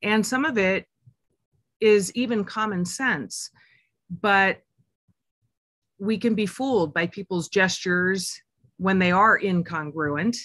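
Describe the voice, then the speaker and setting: A woman's voice: medium pitch, slow, pauses often, a bit bright, dry recording, studio quality. A woman working as an executive coach, giving a conversational, teacherly webinar presentation with frequent fillers.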